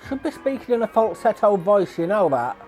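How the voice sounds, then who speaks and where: A woman hosting a reaction video, making slow, amused asides over a playing film. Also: medium pitch, sing-song, darkish tone. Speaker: reaction channel host. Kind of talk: casual commentary over a film. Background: music.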